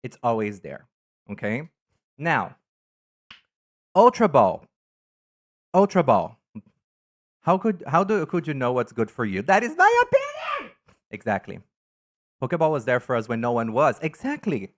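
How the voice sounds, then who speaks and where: A man chatting casually on a live stream, camp and animated, greeting viewers by name while he ranks things. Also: medium pitch, measured pace, pauses often. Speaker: live streamer reading chat. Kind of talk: casual live-stream chat ranking items.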